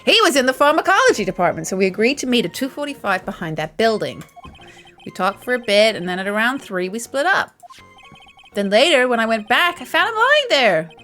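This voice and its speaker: A nervous young male defense attorney from a courtroom video game rushes through his testimony in a put-on American accent, voiced by a woman. The voice leaps up and down in pitch. Faint music plays behind. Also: very animated, a bit bright. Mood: flustered.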